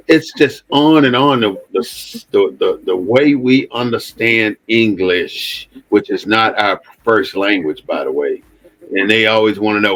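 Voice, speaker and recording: A man's voice: lowish voice, lively intonation, a little slow, low-quality recording. A man hosting an impassioned commentary monologue, speaking bluntly and repeating phrases for emphasis, with frequent swearing. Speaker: host.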